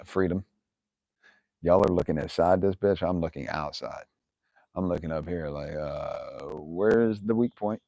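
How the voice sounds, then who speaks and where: A man hosting a live Q&A answers viewer questions with blunt, profane, casual stories, laughing often and angrily quoting himself. His voice is extremely low and darkish, with fairly even intonation, a measured pace, and long pauses, in a dry recording.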